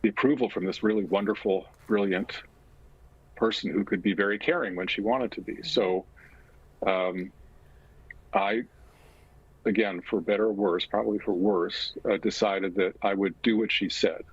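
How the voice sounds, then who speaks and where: An older man and physician, recounting a personal story slowly and with measured pauses. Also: on the low side, fairly even intonation, breathy edge, no room sound, dull audio. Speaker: guest, physician and author.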